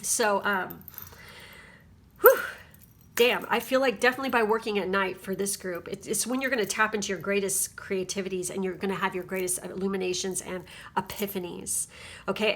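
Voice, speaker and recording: A woman talks through a pick-a-card tarot reading in a loose, rambling way. She keeps checking in with her listeners as she goes, at an everyday mid pitch. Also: a little fast, a bit bright. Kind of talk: casual spiritual card reading.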